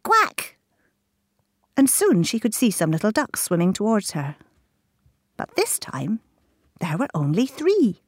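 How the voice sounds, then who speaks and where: Lady reading a kids story, low voice but super lively, whispery bits, dry close mic. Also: slightly rough, dry recording. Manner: animated, dropping to whispers.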